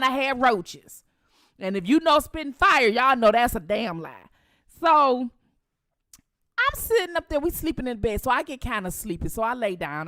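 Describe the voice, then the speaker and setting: A middle-aged woman, telling a story to her viewers in a profane, animated way. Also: on the high side. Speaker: channel host.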